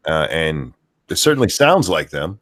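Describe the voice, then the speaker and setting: A man's voice: extremely low pitch, sing-song, moderate pace, fairly bright tone, no room sound. A man co-hosting a casual podcast, reading out viewer messages and making dry sarcastic quips. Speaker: podcast co-host. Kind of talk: casual chat.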